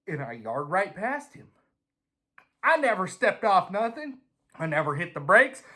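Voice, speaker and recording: A man telling a casual, swear-filled story in an animated way. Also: sits high, a little slow. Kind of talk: casual anecdote.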